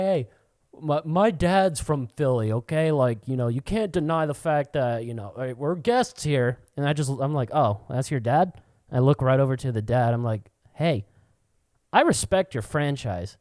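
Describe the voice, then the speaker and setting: A man's voice: medium pitch, darkish tone, dry recording, studio quality. A man co-hosting a casual podcast, telling stories in a profane, ranting way. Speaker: podcast co-host.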